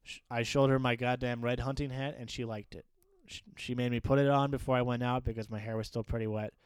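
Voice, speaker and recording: A man's voice: medium pitch, little pitch movement, fast talker, smooth, dry recording, clean studio sound, close to an everyday voice. A man reading as a drunk lonely teenage boy. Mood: wistful. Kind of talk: reading book passages aloud.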